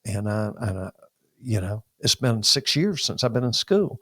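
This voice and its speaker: A man, a pastor telling a personal story in an interview, animated and acting out the dialogue. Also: fairly low pitch, normal speed, slightly rough, no room sound, clean studio sound. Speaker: pastor and podcast guest.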